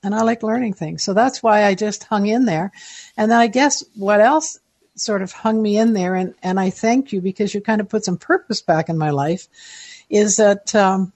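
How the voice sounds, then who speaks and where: A woman's voice: mid-range voice, moderate pace, a little mellow, no room sound. Chatty older woman guest, rambling stories. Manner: rambling, chatty, self-deprecating with frequent laughs. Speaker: listener guest. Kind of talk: casual interview storytelling.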